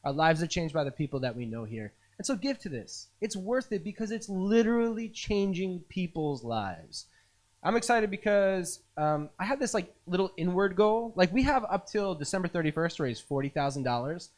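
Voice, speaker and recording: A man's voice: sits high, sing-song, moderate pace. A man who is a pastor, making an earnest, emotional and rambling fundraising appeal. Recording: live virtual gala stream.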